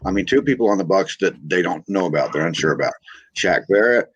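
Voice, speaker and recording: A man joining a podcast as a guest, talking football in a halting, plainspoken way. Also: low-pitched, animated, slightly rough, highs cut off. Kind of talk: casual football talk.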